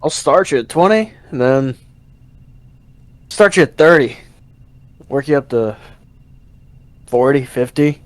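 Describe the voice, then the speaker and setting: A man voicing an easygoing young rancher who talks in a relaxed, joking way. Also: mid-range voice, slow pace, long pauses, no echo. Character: young male rancher hiring hands, easygoing.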